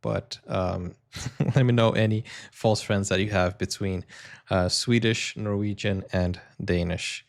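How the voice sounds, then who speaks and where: A man's voice: fairly low pitch, fairly even intonation, measured pace, vocal fry. A British man, an English teacher hosting a reaction video, chatting enthusiastically and talking straight to his viewers. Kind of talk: casual reaction commentary.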